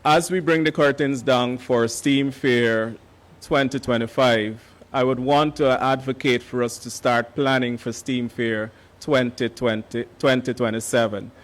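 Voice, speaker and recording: Hoarse man giving formal remarks. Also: mid-range voice, steady tone. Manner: measured, formal, with frequent hesitant fillers. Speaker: education official giving remarks. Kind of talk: formal ceremony speech.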